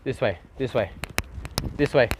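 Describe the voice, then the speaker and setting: A man's voice: mid-range voice, a little slow. A man with an Australian accent, live-streaming from a phone as he walks outdoors, rambling casually and swearing freely as he talks to his chat. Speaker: IRL streamer. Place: outdoors on windy city streets. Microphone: phone held while walking. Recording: street noise and wind.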